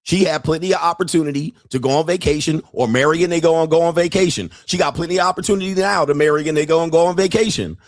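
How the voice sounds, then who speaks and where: A man hosting a podcast, telling a story in a profane, animated way with frequent laughter. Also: a little high, quick pace, few pauses, dry recording, clean studio sound. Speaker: podcast host. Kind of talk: casual monologue.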